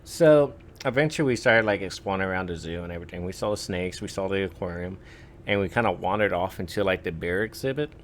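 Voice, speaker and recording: A man's voice: low voice, quick pace, slight background noise. A man in his twenties telling stories on a podcast in a casual, rambling way, full of "like" and "uh". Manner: rambling, lots of "like" and "uh" fillers. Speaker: podcast storyteller. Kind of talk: casual chat.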